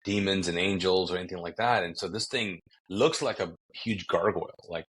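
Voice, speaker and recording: A man from Kuwait speaks in a very low, deep register. He recounts his story conversationally as a pastor guest, acting out what people said and stumbling over restarts as he goes. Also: fairly quick, a bit bright, slight background noise. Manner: vivid storytelling with acted-out quotes and frequent restarts.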